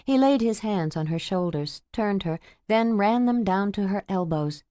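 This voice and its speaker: A woman narrating a romance novel audiobook in a measured, intimate storytelling manner. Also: mid-range voice, lively intonation, mellow, no room sound, clean studio sound.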